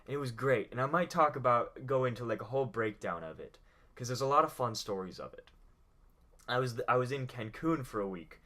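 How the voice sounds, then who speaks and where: A man's voice: mid-range voice, expressive, a little fast, sharp tone. A young man hosting a podcast, chatting casually, rambling, swearing and laughing often. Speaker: podcast host. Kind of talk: casual chat.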